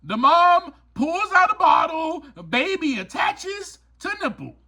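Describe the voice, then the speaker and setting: Man, podcast host, motivational talk, high lively voice, emphatic, repeats himself. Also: measured pace. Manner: emphatic and preachy, repeats key lines.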